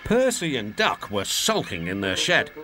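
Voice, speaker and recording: A man narrating a children's storybook in an expressive reading. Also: mid-range voice, a little slow. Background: music.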